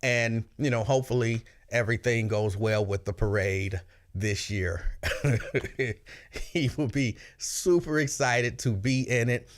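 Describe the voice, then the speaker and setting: A man hosting a radio show, telling stories in casual chat and slipping into shrill impressions. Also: a little slow. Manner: animated storyteller, breaks into shrill yelling impressions.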